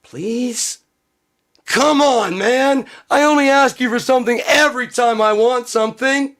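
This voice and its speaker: A man putting on the voice of a whiny, entitled grown man who pleads loudly for everything he wants. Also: extremely high pitch, unhurried, voice pushed up. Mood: whining. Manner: pleading, whining, loud.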